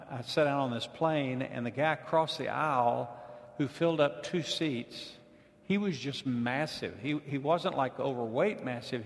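A man preaching a sermon as pastor, telling humorous stories in a conversational manner. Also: medium pitch. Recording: long hall reverb.

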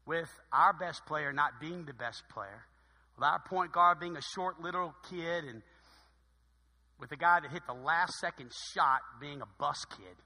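A middle-aged man preaching a sermon as pastor, telling stories in an animated way that swings between loud bursts and quiet asides. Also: a little high, measured pace. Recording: long reverb of a large hall.

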